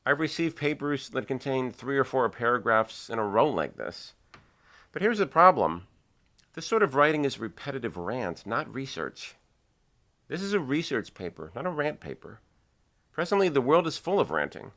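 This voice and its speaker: A middle-aged man giving a measured, earnest video lesson on writing. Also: medium pitch, big pitch swings, a bit bright. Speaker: writing teacher.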